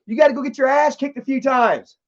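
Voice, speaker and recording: A man's voice: extremely high pitch, a little fast, highs cut off. A man streaming live, telling rambling, profane stories to his chat and laughing along as he goes. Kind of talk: casual storytelling to chat.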